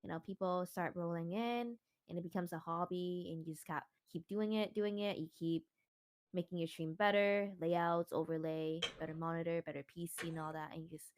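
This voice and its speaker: A woman's voice: fairly low pitch, fairly bright tone. A woman chatting casually on a group podcast, rambling and reflective, with many fillers. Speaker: streamer guest.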